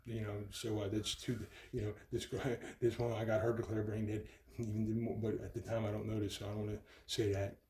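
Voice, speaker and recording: Gravelly low-voiced man, agitated rambling. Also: level tone, a little fast, few pauses, warm tone, slight background noise. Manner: agitated, restarts and repeats, swears. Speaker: grieving son recounting events. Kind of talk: rambling personal account. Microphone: phone.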